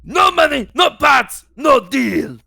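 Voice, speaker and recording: A man voicing a greedy alien junk dealer in shouted, squawking bursts. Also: very high-pitched, sing-song, slow pace, vocal fry, no echo, clean studio sound, voice pushed up, full character voice. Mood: indignant haggling.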